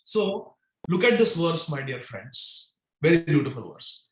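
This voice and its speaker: Animated male devotional lecturer, echoey room. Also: a little high, unhurried. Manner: animated, dramatic, voices the gopis' sarcastic questions. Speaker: speaker giving a scripture class. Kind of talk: devotional lecture with chanted Sanskrit verses.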